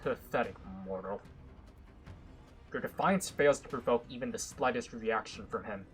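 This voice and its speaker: A man reading a visual novel aloud with dramatic narration, broken by excitable, joking asides. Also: medium pitch, brisk, faint music behind, low-quality recording. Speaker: gaming content creator.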